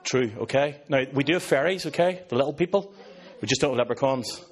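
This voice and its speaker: A man's voice: mid-range voice, brisk. Northern Irish man, 50s, pastor; sarcastic, joking preacher working the crowd. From Northern Ireland. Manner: joking, sarcastic asides to an audience. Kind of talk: sermon.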